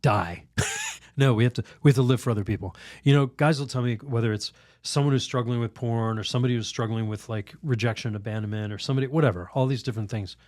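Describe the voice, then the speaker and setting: A priest telling a lively story in a podcast interview, laughing often, acting out other people's voices, with halting restarts. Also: male voice, mid-range voice, no echo, studio quality. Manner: animated, laughs often, acts out quoted voices. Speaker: priest guest.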